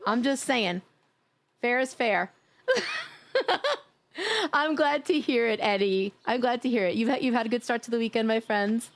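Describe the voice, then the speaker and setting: A woman's voice: a little high, moderate pace, long pauses. A woman from New York chatting casually and teasingly with her viewers while live-streaming a game, laughing often.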